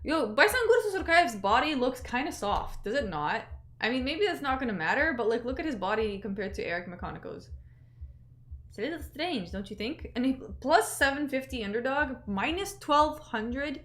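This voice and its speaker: A woman's voice: sits high, sing-song, moderate pace, fairly bright tone. A woman hosting a casual livestream, chatting loosely with many fillers and reading out viewer messages. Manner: chatty, reads out chat messages, lots of fillers. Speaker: livestream host.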